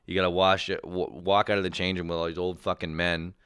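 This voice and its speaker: A man hosting a comedy podcast, telling a profane, animated solo rant with quick voiced impressions. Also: low voice, clean tone, no room sound, studio quality.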